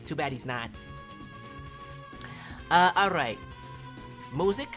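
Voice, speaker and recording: A woman's voice: deep voice, expressive, slow pace, fairly bright tone, faint music behind. A woman streamer chatting casually and playfully with her viewers, teasing and joking as she talks. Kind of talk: casual live-stream chat.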